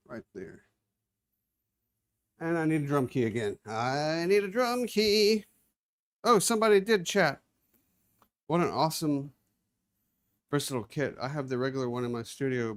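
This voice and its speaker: A man's voice: medium pitch, normal speed, long pauses. A man hosting a casual live stream, chatting and narrating what he is doing as he moves around a carpeted room. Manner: chatty, narrating his own hands-on tasks, moving around the room. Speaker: livestream host. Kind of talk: casual live-stream chat while working. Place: indoor room with carpeted floor.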